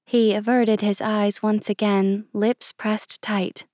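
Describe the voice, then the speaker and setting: A woman narrating first-person fiction in a measured, expressive reading style. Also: mid-range voice, no echo, studio quality. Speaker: audiobook narrator.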